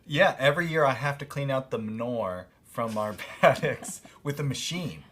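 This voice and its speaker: A man from Connecticut co-hosting a homestead podcast, talking casually with lively stress and frequent laughs. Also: mid-range voice. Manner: animated, laughs often, drawn-out emphasis. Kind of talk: casual chat.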